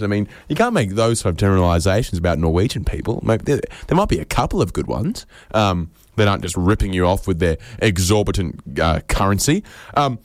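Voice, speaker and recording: An Australian man in his twenties or so, hosting a comedy podcast and rambling through deadpan absurd bits, acting out quoted voices. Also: low voice, a little fast, dry recording, clean studio sound. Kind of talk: rambling comic monologue.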